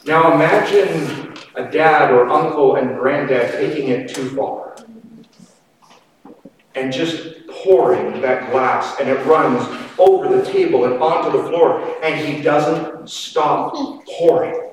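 A man preaching a sermon slowly and emphatically, his voice swinging from loud to quiet. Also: fairly high pitch, animated. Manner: slow, emphatic preaching with dramatic swings in loudness. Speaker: pastor. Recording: echoey hall, distant mic, faint noise.

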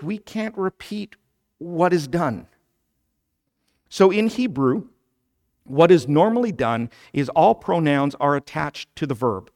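Male pastor, sermon delivery; slow, measured, gravelly tone that swells to emphatic prayer. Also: on the high side. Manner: preaching, rising to loud emphatic petitions; explains scripture slowly, then builds to loud emphatic petitions.

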